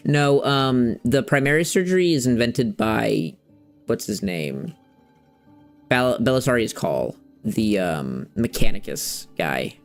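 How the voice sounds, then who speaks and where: Young male streamer, easygoing rambling chatter, mid-range voice, soft game music in the background. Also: mid-range voice, lively intonation, takes it slowly. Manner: rambling, loose slang, searching for words. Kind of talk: casual chat while playing a game.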